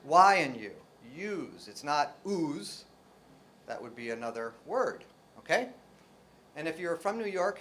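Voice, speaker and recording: A man's voice: fairly high pitch, very animated, a little slow, fairly bright tone, a little hiss or hum. A man from New Jersey with an American accent, a linguistics professor giving a joking academic lecture to a live audience, full of rhetorical questions and sounding out example words.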